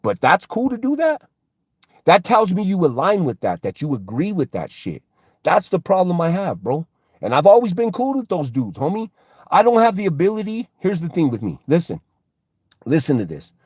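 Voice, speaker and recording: A man's voice: high-pitched, very animated, normal speed, a little mellow, slightly rough, no echo, studio quality. A man ranting casually on a livestream, slangy and profane, repeating himself and calling everyone bro and homie. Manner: heated, repeats himself for emphasis. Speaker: livestreamer and fighter.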